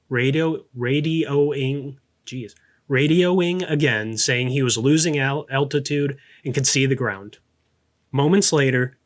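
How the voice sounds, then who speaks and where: A man of ordinary middle pitch hosting a podcast and reading a true-story script. He trips over names and words, restarts his sentences and mutters quick asides to himself. Now and then he drops the script for a casual, chatty aside. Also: fairly bright tone. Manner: breaks off into casual off-script commentary. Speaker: podcast host.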